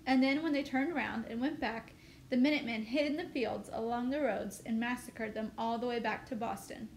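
A woman reading aloud, voicing an eager, proud young male soldier who rushes his words and loses his temper quickly. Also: on the high side, steady tone, a little mellow, natural voice. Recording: echoey room, faint noise.

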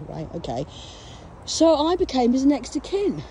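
A hoarse woman filming herself outdoors at a cemetery on a phone, rambling to camera in a profane and agitated way and coughing now and then. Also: high-pitched, huge pitch swings, unhurried, a little hiss or hum. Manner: profane, agitated and loud, veering off topic. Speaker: vlogger.

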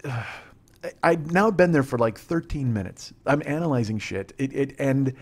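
A man's voice: medium pitch, moderate pace, husky. Man telling a rambling, profane story. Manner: profane, rambling, self-deprecating. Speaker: comedian podcast host. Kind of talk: casual comedic storytelling.

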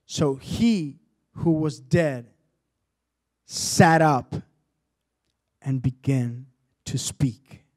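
A male preacher delivering a sermon, rising from quiet storytelling to loud, impassioned exhortation. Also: fairly high pitch, extremely slow, long pauses.

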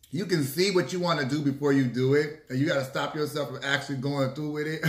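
A man telling a story casually to his viewers, lively and swearing freely. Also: on the high side. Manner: animated, acts out quotes, swears freely. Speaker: mukbang vlogger. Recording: echoey room.

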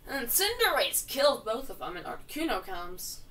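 Excitable high-voiced woman gaming. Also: brisk, few pauses, distant mic. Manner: excitable and jokey, with sudden loud outbursts. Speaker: gamer playing through a video game. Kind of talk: casual gameplay commentary.

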